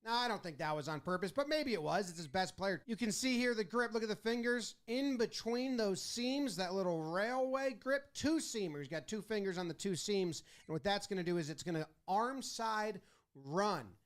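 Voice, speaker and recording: A man narrating a baseball highlight breakdown. He is animated and acts out the players' and umpires' lines in quick little voices. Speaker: sports video commentator.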